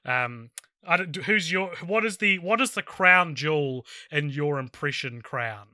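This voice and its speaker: A man's voice: a little high, animated, measured pace, pushed and bright, no echo, studio quality. A man co-hosting a podcast, chatting casually and teasing his co-host. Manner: joking, teasing. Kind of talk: casual chat.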